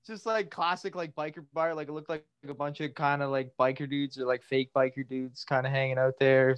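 A man's voice: mid-range voice, steady tone, brisk, clear, resonant tone, highs cut off. A young man on a podcast, telling a long rambling story with lots of fillers and laughing as he goes. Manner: rambling, filler-heavy, laughs through his stories. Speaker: podcast co-host. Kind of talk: casual storytelling chat.

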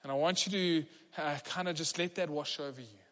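A man's voice: a little high, a little fast, sharp tone. A man preaching as a pastor, earnest and encouraging, leading a congregation in prayer. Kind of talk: sermon. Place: large church hall. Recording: long hall reverb.

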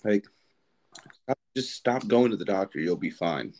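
A man's voice: fairly low pitch, expressive, a little slow, darkish tone. A young man co-hosting a podcast, chatting casually and rambling with lots of laughs and fillers. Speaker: podcast co-host. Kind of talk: casual chat.

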